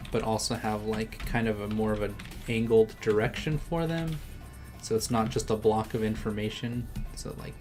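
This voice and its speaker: Chill guy streaming his drawing, chatty, laughs a lot, faint music behind. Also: lowish voice. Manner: chatty, laughs often, reads chat aloud. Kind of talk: casual live-stream chat while drawing.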